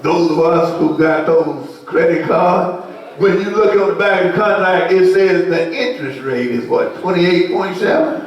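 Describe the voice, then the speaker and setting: A male pastor preaching a sermon, asking the congregation questions and rising to shouted peaks. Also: sits high, animated, normal speed, lo-fi sound. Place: church sanctuary. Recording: echoey church sound from far off.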